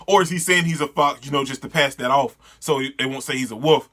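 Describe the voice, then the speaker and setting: Excitable bright-voiced man reacting to manga. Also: mid-range voice, fairly quick. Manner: excitable, laughs and stumbles over names. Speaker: manga reader and reviewer. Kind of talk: casual reaction readthrough.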